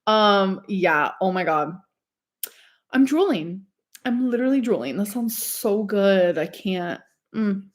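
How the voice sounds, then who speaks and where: A woman's voice: mid-range voice, lively intonation, slow. A young woman chatting casually on a livestream, gushing over food and reading the chat. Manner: chatty and gushing, says "like" a lot. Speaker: streamer reading live chat.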